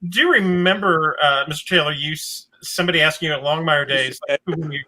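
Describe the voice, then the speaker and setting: A man's voice: on the high side, fairly quick, pushed and bright, poor audio. A man hosting a casual video interview, asking long, hedged questions with fillers. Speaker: interview host.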